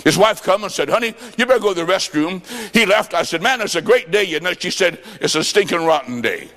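A man preaching a revival sermon with folksy stories, impassioned and shouting at the peaks. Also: high-pitched, expressive, fairly quick. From Illinois. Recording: echoey hall with long reverb.

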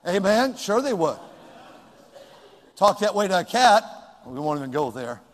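An older man preaching a sermon as pastor, swinging from hushed asides to sudden shouts. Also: high voice, big pitch swings, a little slow, big-room sound.

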